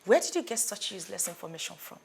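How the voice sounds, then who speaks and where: A woman's voice: mid-range voice, very animated, fast, creaky, a little mellow. An actress with a Nigerian accent playing a defiant, obsessive young woman who speaks sharply.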